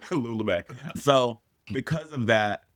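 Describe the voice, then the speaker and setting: A man's voice: mid-range voice, takes it slowly, fairly bright tone, no room sound. A man, a drag performer, telling stories in a casual interview and acting out the voices of people he quotes.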